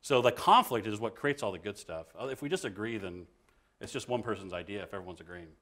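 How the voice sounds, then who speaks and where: A young man, a creative professional, talking casually about his process and acting out quick quoted exchanges. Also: lowish voice. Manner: animated, acts out little quoted scenes. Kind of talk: casual explanatory talk.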